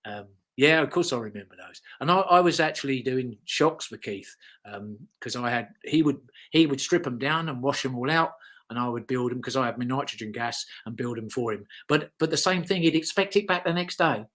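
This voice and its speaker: British man, fifties, ex-motocross rider, rambling anecdotes, ums and swearing, mid-pitched voice. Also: expressive, fairly quick, fairly bright tone. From United Kingdom. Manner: rambling storyteller, frequent fillers and swearing. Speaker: guest, former motocross rider. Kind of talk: casual anecdotal interview.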